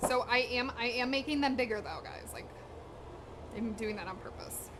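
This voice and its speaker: A fairly high-pitched voice at a moderate pace comes through over a noisy background. The speaker, a young cooking streamer in her home kitchen, chats casually with her viewers as she cooks, slangy and direct with her chat, and a little out of breath.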